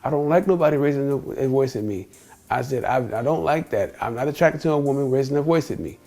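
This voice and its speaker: A man's voice: mid-range voice, expressive, fast, a little mellow. A middle-aged man from the United States, telling personal stories in a casual vlog monologue, rambling and acting out what people said. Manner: rambling, repeats himself, quotes people in dialogue. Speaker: vlogger.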